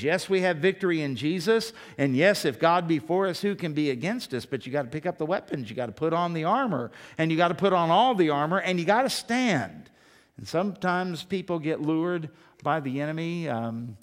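A man's voice: a little high, expressive, a little fast. A male pastor preaching a sermon, emphatic and full of rhetorical questions.

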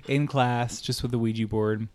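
A man co-hosts a podcast in relaxed, casual chat, tossing out jokes and silly bits. His voice sits at an ordinary middle pitch. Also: measured pace. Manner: jokey, playful, introduces clips. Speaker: podcast co-host.

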